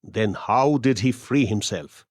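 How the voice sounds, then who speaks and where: Man reading a bitter businessman husband, plain mid voice, slow, dry close sound, audio story. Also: mid-range voice, dry recording, close to an everyday voice. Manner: defensive then bitter. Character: harsh, frustrated businessman husband.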